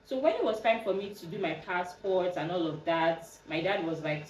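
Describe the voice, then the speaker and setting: A young Nigerian woman hosting a podcast, telling a personal story in a casual, animated way. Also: on the low side, normal speed, few pauses, reverberant, distant mic, slight background noise, rough recording. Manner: animated, acts out quoted dialogue with a raised voice. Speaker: podcast host.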